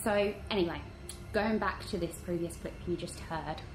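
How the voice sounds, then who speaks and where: A woman's voice: lowish voice, normal speed, music in the background. A woman hosting a paranormal vlog, narrating her investigation recordings in an earnest, suspense-building way. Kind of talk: voice-over narration reviewing recordings. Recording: roomy with steady background hum.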